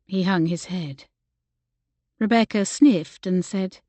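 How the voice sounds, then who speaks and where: Slow, measured woman audiobook narrator. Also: mid-range voice, dark tone, no room sound. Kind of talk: scripted narration.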